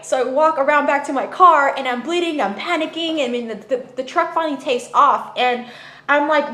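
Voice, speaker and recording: Woman, casual testimony, emphatic and chatty, slightly high voice, roomy echo. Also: fairly quick. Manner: animated, emphatic, many fillers like "you know what I mean". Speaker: storyteller. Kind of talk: personal testimony, casual storytelling.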